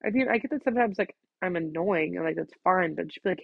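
A woman's voice: on the low side, animated, quick pace, creaky, few pauses, dry recording. A teenage girl venting to the camera from her bedroom in a chatty, casual rant, filling every phrase with "like" and swearing freely. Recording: dull, lo-fi dry recording.

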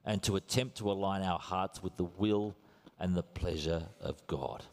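A middle-aged Australian man preaching a sermon in a relaxed, conversational way, telling stories with self-deprecating humor. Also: sits low, moderate pace.

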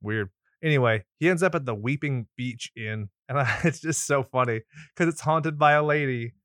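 A man's voice: medium pitch, moderate pace, fairly bright tone, dry recording. A man co-hosting a movie podcast, recapping a film with sarcastic, teasing banter and frequent swearing into a studio mic. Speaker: podcast co-host. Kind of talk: casual movie recap chat. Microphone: pop filter studio mic.

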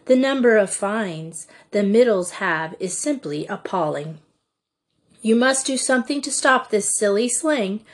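A woman's voice: mid-range voice, lively intonation, a little slow. A woman reading an audiobook, voicing a stern, proper headmistress who speaks firmly and precisely. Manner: firm, disapproving, precise.

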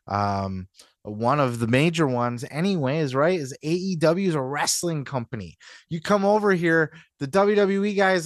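A man's voice: medium pitch, no room sound, clean studio sound. A man hosting a podcast in a casual, rambling rant, swearing freely and often asking whether you follow. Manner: profane, rambling, keeps asking "you know what I mean". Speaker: podcast host.

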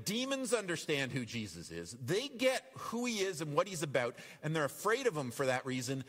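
A male pastor preaching to his congregation with a fairly high voice. He talks in an animated, lively way and briefly acts out the voices in the passages he reads. The sound carries a long church-hall reverb. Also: fairly quick, hardly any pauses. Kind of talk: sermon.

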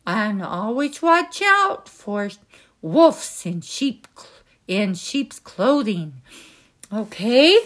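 Slow sing-song woman reading a storybook. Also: medium pitch, very animated, a bit bright. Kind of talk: reading a children's picture book aloud.

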